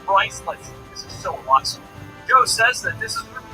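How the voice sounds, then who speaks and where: High, animated man narrating a recap over music. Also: brisk, poor audio. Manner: animated storytelling with quoted lines. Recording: voice over loud background music.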